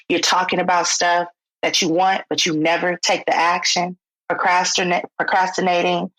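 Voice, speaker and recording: A woman's voice: on the low side, fairly bright tone, dry recording, rough recording. A woman who works as a clinical social worker, explaining mental health conversationally in a podcast interview and acting out quoted speech. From United States. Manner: conversational, acts out quoted speech, informal phrasing.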